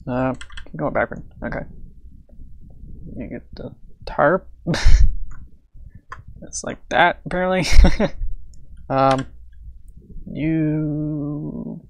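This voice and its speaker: A man's voice: a little high, takes it slowly, vocal fry, long pauses, a little hiss or hum. A man chatting casually on his livestream as he draws, thinking aloud, humming to himself and chuckling between remarks. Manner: thinks aloud, hums and chuckles while he works. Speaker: livestreaming artist. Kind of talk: casual livestream chat while drawing.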